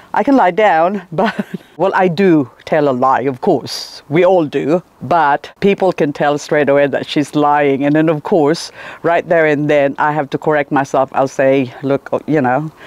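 Her low-pitched, slightly mellow voice comes through on a dry recording as this gardening vlogger chats to the camera. She talks about her succulents and married life, frequently laughing in the middle of sentences.

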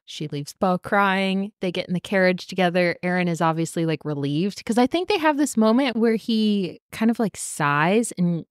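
A woman co-hosting a podcast, excitedly recapping a fantasy novel in casual chat and quoting its characters. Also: mid-range voice, normal speed, hardly any pauses, no echo, clean studio sound. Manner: excited, laughs often, quotes characters with swearing. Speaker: podcast co-host. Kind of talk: casual book discussion.

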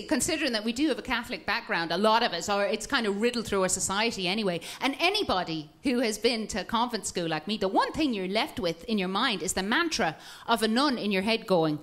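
A woman's voice: on the high side, fairly bright tone. An Irish woman doing a wry, self-mocking stand-up routine in a comedy club. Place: comedy club with live audience.

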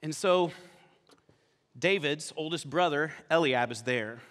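Bright-voiced male pastor preaching. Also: fairly high pitch, measured pace, big-room sound. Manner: casual storytelling, animated. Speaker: campus pastor. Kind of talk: sermon. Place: church sanctuary.

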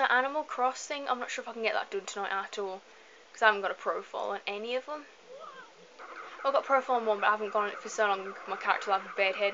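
Woman let's-player, rambly and apologetic, crisp bright tone, lo-fi home recording. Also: on the high side. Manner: chatty, rambling, apologetic asides. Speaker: gameplay commentator. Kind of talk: casual let's-play commentary. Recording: slightly dull lo-fi home mic with faint hiss.

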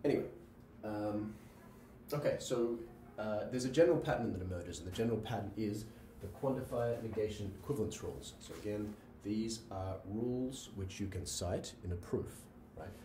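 At a normal speed, a man with a warm voice on the low side works through examples in a university logic lecture, checking in with "right?" between fillers. There's slight background noise. The room echoes, he sounds far away, and faint ambience lingers.

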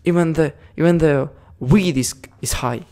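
A man's voice: on the high side, moderate pace, mellow. A man giving casual game commentary, rambling along with frequent giggles and swearing. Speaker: gaming video creator.

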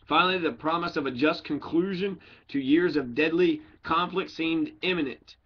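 A man's voice: on the high side, normal speed, breathy edge, muffled recording. A man reading a crime book aloud in a casual way, often breaking off for joking tangents and correcting his own slips. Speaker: audiobook reader. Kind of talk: casual read-aloud with rambling asides.

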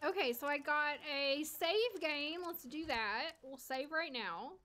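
A woman's voice: high voice, slow, pushed and bright. A woman from the United States streaming a life-sim game, chatting casually with viewers and talking to the characters.

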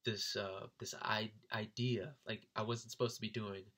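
A young man with a bright, forceful voice tells a story straight to the camera. He is animated and laughs often, and his voice lifts high whenever he imitates his friends. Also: normal speed, breathy edge. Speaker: vlogger recounting a concert. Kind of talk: casual storytelling.

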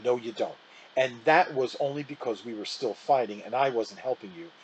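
A man voicing August, an excitable young boy, in a quick and enthusiastic manner while reading a children's book aloud. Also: medium pitch, slight background noise, lightly acted, low-quality recording. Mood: insistent.

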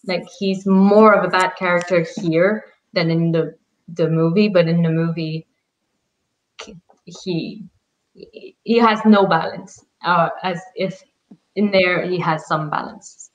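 A woman guest in a casual book discussion speaks slowly and thoughtfully in a somewhat low voice. She pauses now and then to find her words. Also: fairly even intonation, dull audio.

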